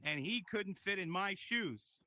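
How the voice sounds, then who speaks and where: Loud, profane stand-up comedian man. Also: high voice, measured pace, no echo. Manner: profane, energetic crowd work. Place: virtual reality comedy club.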